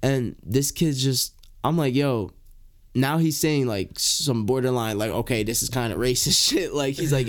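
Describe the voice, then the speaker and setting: A young man casually telling a long story, animated and slangy, swearing freely and filling with "like" and "bro". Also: medium pitch, normal speed.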